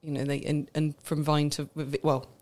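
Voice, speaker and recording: A woman's voice: sits low, flat delivery, moderate pace, a little mellow. A woman from Britain co-hosting a casual podcast chat, explaining in detail and laughing often. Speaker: wine expert co-host.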